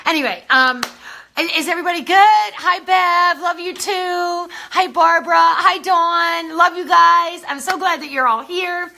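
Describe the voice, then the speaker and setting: Woman, slightly breathless, greeting fans live in a high, bright voice. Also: a little slow, vocal fry. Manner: chatty, greets viewers by name. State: a little out of breath. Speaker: beauty brand host. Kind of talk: casual livestream chat.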